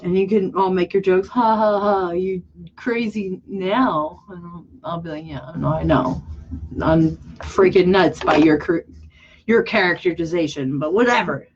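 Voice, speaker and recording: A woman's voice: fairly low pitch, measured pace, a little mellow, slight background noise. A young woman vlogging casually while she draws, talking in a rambling, candid, self-mocking way with many restarts and a teary edge. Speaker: vlogger and artist. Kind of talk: casual chat while drawing. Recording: muffled lo-fi audio.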